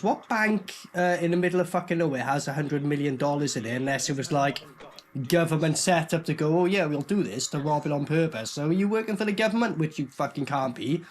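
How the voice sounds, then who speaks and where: A man's voice: on the high side, lively intonation, fairly quick, a little hiss or hum. A young man giving sweary, mocking casual commentary while reviewing a film. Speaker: movie reviewer.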